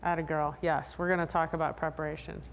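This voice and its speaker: A woman psychologist giving a lively, chatty talk to a convention audience, drawing answers from the crowd. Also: fast talker. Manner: animated, chatty, acts out riders in high voices. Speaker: sports psychologist presenter. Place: large convention hall. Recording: long hall reverb.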